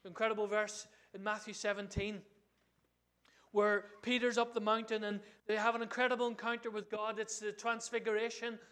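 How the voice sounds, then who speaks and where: A man preaching a sermon in an animated way, often asking the congregation questions. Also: high voice, moderate pace.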